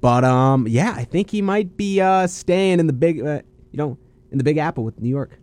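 A man's voice: fairly high pitch, expressive, normal speed, a little mellow, no echo. A young man hosting a college radio sports talk show, speaking in a laid-back, rambling way with fillers and self-corrections.

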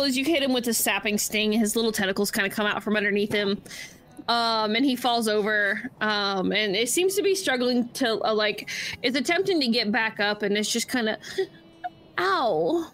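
A woman's voice: a little high, fairly quick, fairly bright tone. Hesitant woman running a tabletop game. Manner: hesitant, many fillers and restarts. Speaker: game master.

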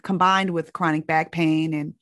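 A woman's voice: low voice, fairly even intonation, moderate pace, fairly bright tone, dry recording, studio quality. A woman doctor telling a reflective story in an earnest, searching way, often restarting her sentences.

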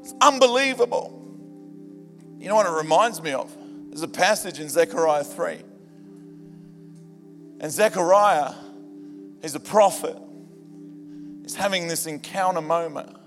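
A man preaching a sermon to a church, animated and humorous, rising to shouts at times. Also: a little high. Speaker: pastor. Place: church hall. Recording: reverberant church hall with music. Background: band music.

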